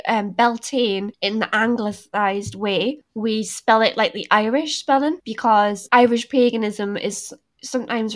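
A woman, chatting as a podcast guest in an animated way, often restarting her sentences. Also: mid-range voice. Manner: animated, self-interrupting, many restarts. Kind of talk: casual chat.

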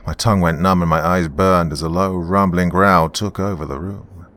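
A man narrating a horror story in a measured, grim storytelling manner. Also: sits low, fairly even intonation, fairly bright tone.

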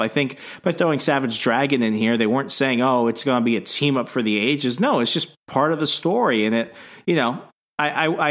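A man with an average-pitched voice muses on comics in relaxed podcast talk. He circles back on his own phrasing as he thinks, and keeps a steady, easygoing tone. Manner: thoughtful, lots of fillers, restarts. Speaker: podcast co-host. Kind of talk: casual chat.

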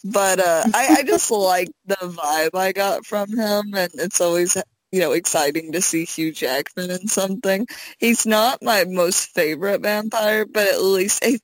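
A woman's voice: lowish voice, no echo, poor audio. A young woman co-hosting a casual podcast chat, rambling with many fillers and restarts. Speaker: podcast co-host.

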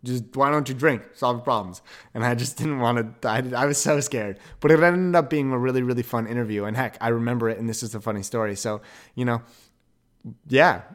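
A man's voice: medium pitch, fairly quick. Rambling young man telling a story. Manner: rambling, animated storytelling with self-corrections. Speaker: podcast host. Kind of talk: casual monologue.

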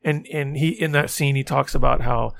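Gravelly man retelling a story on a podcast. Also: mid-range voice, steady tone, normal speed, a bit bright. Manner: reflective storyteller, retelling scenes. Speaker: podcast co-host. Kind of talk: casual faith conversation.

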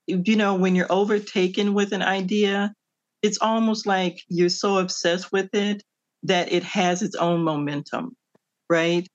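A middle-aged woman from the Midwestern United States, an author answering interview questions in an animated storytelling way, laughing often. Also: medium pitch, a little slow. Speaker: author guest. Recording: dull lo-fi audio.

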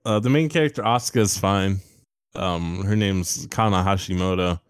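A man's voice: deep voice, normal speed, clean tone, no echo, clean studio sound. A man in casual chat, rambling loosely through a movie review with lots of filler words and the odd curse. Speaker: podcast co-host reviewing a movie.

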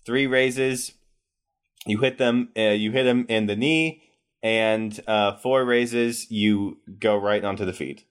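A man narrating as game master in a tabletop game, pausing often. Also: fairly low pitch, steady tone, smooth. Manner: halting, many fillers.

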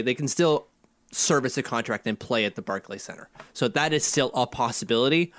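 A man's voice: medium pitch, a bit bright, dry recording, clean studio sound. A man co-hosting a casual chat, joking and putting on mocking voices. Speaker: podcast co-host.

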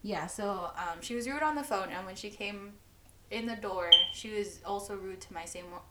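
A woman's voice: medium pitch, moderate pace, slight background noise. A woman co-hosting a podcast, chatting casually and telling a story with frequent laughs and filler words. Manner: giggly, animated, lots of "like". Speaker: podcast co-host. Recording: roomy echo.

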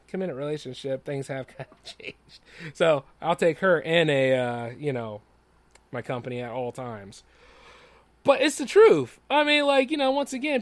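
Young guy ranting on his podcast, swears a lot, high-ish voice, dry mic. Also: fairly bright tone, no echo. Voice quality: blunt, profane, chuckles often. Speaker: podcast host. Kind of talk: unscripted solo podcast rant.

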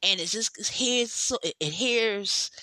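Slow, emotional woman podcaster. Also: medium pitch, pushed and bright, dry recording. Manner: emotional, heartfelt, speaks straight to listeners; slow and drawn out, with long pauses. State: tearful, overwhelmed. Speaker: podcast host. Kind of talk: personal monologue.

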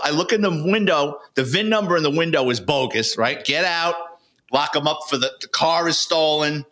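A man's voice: on the high side, normal speed, sharp tone. An older man, a retired detective telling stories in a blunt, street-wise way with colorful swearing. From New York City. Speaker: retired police detective and author, guest. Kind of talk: casual storytelling.

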